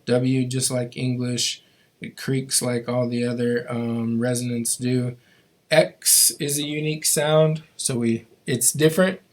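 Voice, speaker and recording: A man's voice: mid-range voice, little pitch movement, a little slow. A man teaching a language class, patiently explaining how to make each sound, with frequent ums and restarts.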